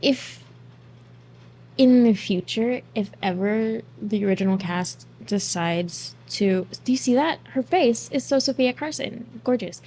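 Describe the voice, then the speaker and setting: A woman's voice: fairly high pitch, unhurried, darkish tone. A woman hosting a casual movie reaction, blunt and snarky, swearing freely.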